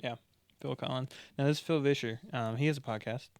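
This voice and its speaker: A young man co-hosting a casual podcast chat, joking around and sometimes breaking into high falsetto singing. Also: fairly even intonation, a little fast, vocal fry, clean tone, no echo, clean studio sound. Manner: jokey, bursts into high falsetto singing and impressions. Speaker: podcast co-host.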